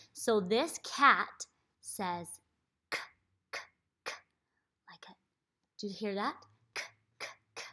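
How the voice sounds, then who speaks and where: Woman teaching little kids letter sounds, bright voice, big swoopy ups and downs, takes her time. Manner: animated, exaggerated letter sounds with big pitch leaps. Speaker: reading teacher. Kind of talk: children's reading lesson. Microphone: laptop computer.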